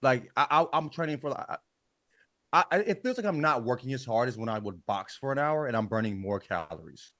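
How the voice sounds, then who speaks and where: A man's voice: mid-range voice, animated, brisk, fairly bright tone, dry recording, clean studio sound. A man co-hosting a podcast in casual sports chat, brash and profane, trash-talking with laughs. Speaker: podcast co-host.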